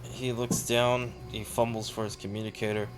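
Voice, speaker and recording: A man's voice: fairly low pitch, flat delivery, normal speed, crowd noise. A man narrating a tabletop role-playing game as game master, in a loose, rambling way with fillers.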